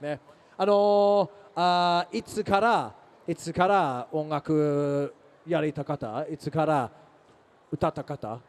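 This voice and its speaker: A man's voice: on the high side, normal speed. A man answering fan questions on a convention stage, playful and teasing, slipping in Japanese phrases. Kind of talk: lively stage Q&A banter.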